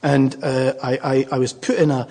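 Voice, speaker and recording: A man's voice: mid-range voice, flat delivery, normal speed, vocal fry, dark tone. An older man with a Glaswegian Scottish accent, a Buddhist speaker telling a rambling, humorous story to a live audience.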